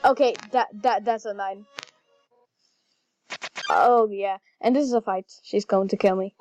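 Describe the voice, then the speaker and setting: A woman chatting casually while playing a video game, excitable and easily flustered. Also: mid-range voice, measured pace. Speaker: gaming channel host. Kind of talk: casual gameplay commentary. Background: faint game music.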